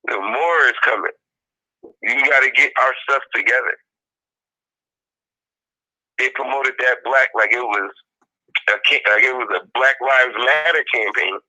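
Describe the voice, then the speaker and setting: A man talking through a clip in loose, casual commentary, his voice very bright and forceful. He keeps coming back to the same points and mimics what he quotes. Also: medium pitch, unhurried, long pauses, low-quality recording. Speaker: podcast co-host.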